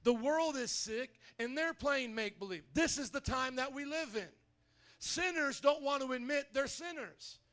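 A man preaching a sermon in a church, energetic and conversational, calling out to his congregation. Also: very high voice, moderate pace. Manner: energetic, conversational preaching with audience call-outs. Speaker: pastor.

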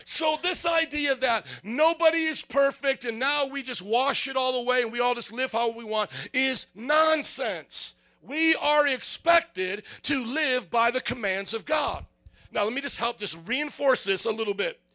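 A man's voice: extremely high pitch, measured pace, bright, forceful tone. A man preaching a sermon, firing rhetorical questions and acting out little dialogues.

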